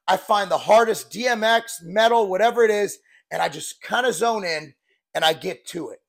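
A man's voice: sits high, normal speed, vocal fry. A man in his forties, a fitness coach, talking candidly and bluntly in a rambling, casual vlog style. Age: 40s.

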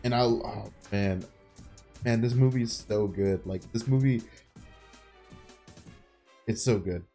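Mellow dark-voiced guy on a podcast, cussing a lot, acting out movie scenes. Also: fairly low pitch, takes it slowly, creaky, faint music behind. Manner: swears freely, retells scenes with acted-out lines. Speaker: podcast co-host. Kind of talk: casual movie review chat.

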